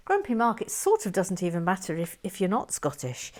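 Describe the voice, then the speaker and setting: A woman chatting to viewers as she builds, her voice sitting a little low. She is self-mocking and chatty, and drifts now and then into soft whispers. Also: sing-song, normal speed, few pauses. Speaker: Lego building vlogger. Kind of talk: casual chat while building, reading viewer comments.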